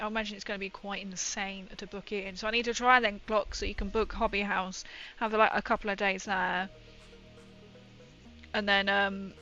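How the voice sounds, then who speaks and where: A woman's voice: mid-range voice, bright, forceful tone, highs cut off. A young woman chatting casually and rambling through a story while she paints on a livestream.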